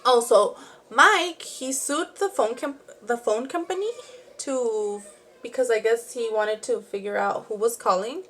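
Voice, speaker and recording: A woman's voice: on the high side, a little slow, fairly bright tone. A young woman telling a true crime story in a chatty, rambling way while doing her makeup at home. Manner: chatty, rambling, with frequent "like" and asides. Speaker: beauty and true crime vlogger.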